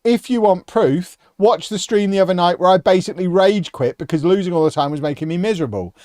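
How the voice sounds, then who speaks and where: A man's voice: high voice, no room sound, clean studio sound. A man and football commentator chatting sarcastically to his viewers on a live stream while playing, often laughing. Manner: sarcastic, animated, quick to laugh.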